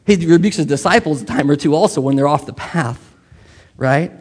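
A man's voice: fairly high pitch, a little fast, a little mellow, breathy edge. A man preaching a sermon to his congregation in a conversational way, often putting questions straight to the people in the pews. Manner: conversational, quizzes the congregation directly. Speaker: pastor. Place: church sanctuary. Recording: long reverb of a large hall.

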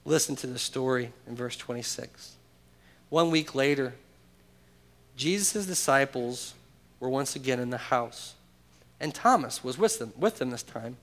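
A man preaching a sermon to his church congregation. He swings between loud, emphatic calls and hushed, intimate asides, and peppers the crowd with rhetorical questions. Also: medium pitch, expressive, unhurried, pauses often. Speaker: pastor.

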